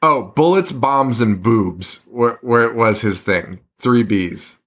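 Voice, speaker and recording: Excitable, laughing male podcast host. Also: mid-range voice, slow. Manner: excitable, swears a lot, laughs often. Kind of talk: casual chat.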